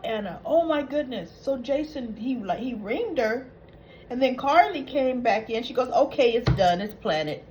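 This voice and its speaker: A woman's voice: fairly high pitch, expressive, measured pace, a little mellow, a little hiss or hum, low-quality recording. A woman hosting a soap opera recap, retelling scenes in a chatty, opinionated way.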